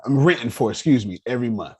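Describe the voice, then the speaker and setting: A man's voice: mid-range voice, fast talker, slightly rough. A man hosting an online meeting on personal finance, talking casually and animatedly, joking and calling on listeners. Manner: animated, calls on listeners, joking, lots of restarts. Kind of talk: casual teaching talk.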